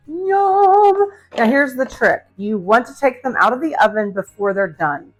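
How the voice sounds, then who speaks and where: A woman's voice: mid-range voice, lively intonation, normal speed, a bit bright, soft background music. A middle-aged woman hosting a casual cooking demonstration in her home kitchen, chatty and upbeat, talking to her viewers. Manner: chatty, upbeat, addresses viewers as guys and friends. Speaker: cooking channel host.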